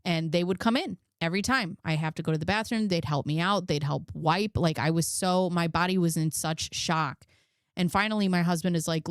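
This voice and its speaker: A woman's voice: fairly low pitch, fairly quick, dry recording, studio quality. A woman in her thirties hosting a commentary channel, telling candid personal stories in a chatty, casual way and reading out case notes.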